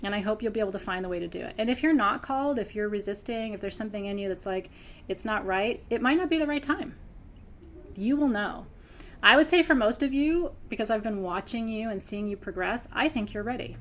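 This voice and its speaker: A spiritual teacher hosting a member Q&A gives her students an emotional, heartfelt address, earnest and close to tears, dropping to hushed intensity and then rising into bright laughter. Her voice is medium-pitched and brisk, with slight background noise.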